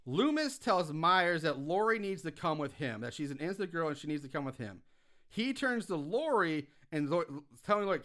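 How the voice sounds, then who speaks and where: A man's voice: fairly high pitch, animated, moderate pace, sharp tone. A man co-hosting a casual chat, recapping a film with profanity and laughter, acting out quotes with big swings in voice. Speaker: podcast co-host recapping a film.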